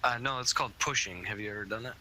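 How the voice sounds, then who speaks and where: A man running a tabletop pirate game as game master, halting and full of fillers. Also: lowish voice, bright, forceful tone, slight background noise.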